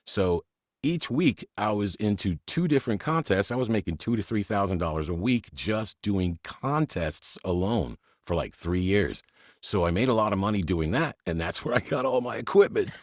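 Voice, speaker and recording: A man with a very low voice tells his stories in a loose, animated way, breaking into laughter along the way. He is a voice actor talking shop on a podcast. The sound is close and dry. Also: normal speed, no echo. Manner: lively storyteller, laughs often; mimics voices. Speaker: voice actor guest. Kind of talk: casual podcast interview.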